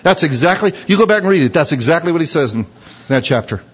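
A man preaching a sermon in a conversational, animated storytelling manner with frequent asides. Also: fairly high pitch, quick pace, husky. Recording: dull recording in a reverberant hall.

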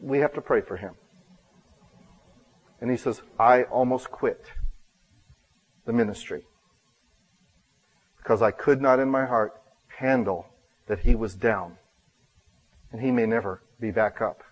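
A man preaches from the pulpit in an earnest storytelling manner, acting out each line of dialogue and poking fun at himself. His voice sits at an ordinary middle pitch and swells to loud, emphatic bursts. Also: unhurried, pauses often, slightly rough, low-quality recording. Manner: earnest, self-deprecating storyteller who acts out dialogue. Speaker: pastor. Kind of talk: storytelling sermon.

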